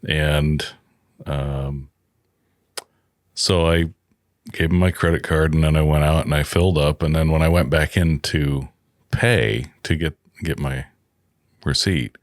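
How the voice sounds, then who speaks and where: A man co-hosting a podcast, telling a travel story in relaxed, wry casual chat with asides. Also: very deep voice, a little slow, pauses often, no echo, clean studio sound. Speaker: podcast co-host.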